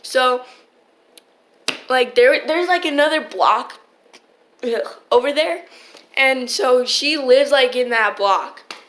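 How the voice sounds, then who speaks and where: A woman's voice: sits high, slow pace, fairly bright tone. A teenage girl telling a rambling, swear-filled storytime into her phone, full of restarts. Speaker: vlogger. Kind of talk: casual storytime.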